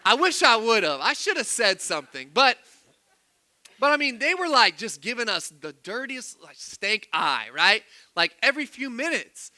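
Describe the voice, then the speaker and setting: A man's voice: extremely high pitch, very animated, moderate pace, sharp tone, no room sound. A young man preaching a sermon, chatty and quizzing his congregation with questions. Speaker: pastor.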